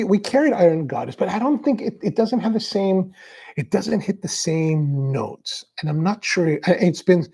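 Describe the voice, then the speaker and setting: Gravelly guy rambling on a coffee stream, lots of "like", kinda husky. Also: a little high, a little mellow. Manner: rambling and chatty, full of "like". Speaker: coffee show host. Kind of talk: casual livestream chat answering viewer comments.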